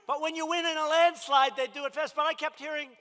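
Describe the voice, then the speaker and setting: A man's voice: very high-pitched, level tone, fast talker, sharp tone. A man giving a campaign rally speech in a large indoor venue, talking emphatically and repeating his phrases for punch. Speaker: politician addressing a rally.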